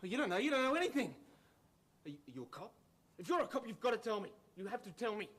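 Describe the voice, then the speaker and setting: A man's voice: high voice, very animated, quick pace, a bit bright, slightly rough, heavily acted. A man playing a frightened, paranoid man off his medication, agitated and stammering, repeating himself. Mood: suspicious.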